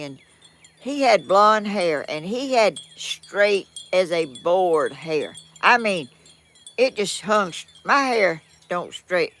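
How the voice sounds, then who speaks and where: Folksy older Southern grandma, slow and lively. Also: female voice, fairly low pitch. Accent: Southern American, Georgia. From southern United States. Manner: rambling, folksy, self-deprecating. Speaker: vlogger. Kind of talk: casual chat reading viewer comments.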